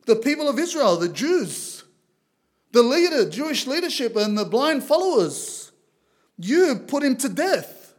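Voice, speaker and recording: A man from Lebanon preaching a sermon as a visiting preacher, reading scripture aloud in a loud, earnest way. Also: very high voice, very animated, measured pace. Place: church.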